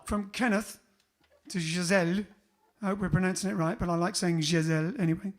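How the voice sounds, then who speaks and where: A high-voiced man chats breezily between songs as he leads his band's livestream. He bounces from joke to joke, tossing in bits of mock French. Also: steady tone, a little fast. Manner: chatty, playful, jokes in mock French. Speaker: bandleader and singer hosting a livestream. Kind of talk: casual chat between songs.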